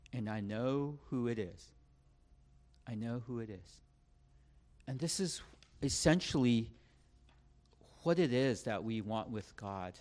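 A man preaching a sermon in an earnest, conversational way, often restarting his words, then leading the congregation in prayer. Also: mid-range voice.

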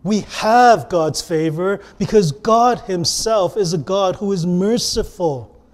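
High-voiced man preaching earnestly. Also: takes it slowly. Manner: earnest preaching, swinging between emphatic and hushed. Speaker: pastor. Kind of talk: sermon.

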